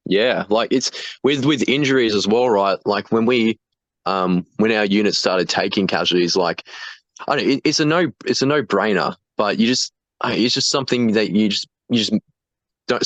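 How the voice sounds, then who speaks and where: Young bloke with a deep voice, chill, swears a lot, dry close sound. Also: male voice, no echo. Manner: laughing, relaxed, swears freely, many restarts. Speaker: guest, foreign fighter. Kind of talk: casual chat.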